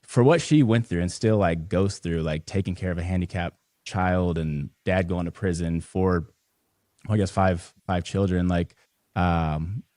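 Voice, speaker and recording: A man with a notably low voice talks as a podcast guest, loose and rambling, full of fillers and restarts. The sound is dry and close, with no room around it. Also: unhurried, warm tone, no echo. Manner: emotional, holding back tears. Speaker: podcast guest, business founder. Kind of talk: casual interview conversation.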